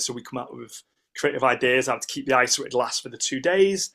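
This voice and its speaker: A middle-aged Englishman chatting as a podcast guest, telling animated stories in a voice of ordinary pitch. He rambles, restarts his sentences and acts out what other people said. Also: a little fast, vocal fry. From United Kingdom. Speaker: guest, ice sculptor. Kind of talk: casual interview storytelling.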